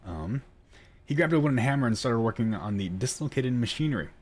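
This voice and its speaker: A man's voice: medium pitch, animated, brisk, husky. A man hosting a video game let's play, reading story text aloud and chatting, laughing and stumbling over words as he reads. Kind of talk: casual gaming commentary and reading lore aloud.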